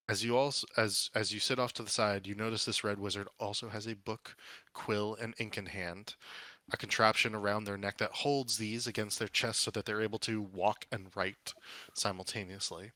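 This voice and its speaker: A man narrating as game master in a tabletop game, halting and restarting as he goes. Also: on the low side, steady tone, sharp tone, no room sound.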